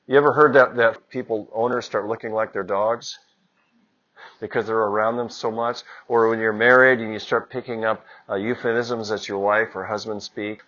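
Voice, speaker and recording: A man's voice: mid-range voice, a bit bright. Priest guy preaching a homily, mid voice, kinda muffled lo-fi recording. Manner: conversational preaching with rising emphasis. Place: church.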